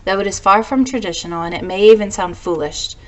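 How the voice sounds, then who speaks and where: A woman voicing a kind, grave old male station master in a storybook read-aloud, slow and gentle. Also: medium pitch, recorded from a distance, close to an everyday voice, low-quality recording. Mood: earnest.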